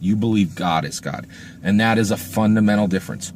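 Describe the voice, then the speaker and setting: A man's voice: lowish voice, a little fast, a little hiss or hum. A man giving a casual spoken book review, emphatic, and he often asks "right?". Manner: emphatic, keeps asking "right?"; animated, acts out quoted speech.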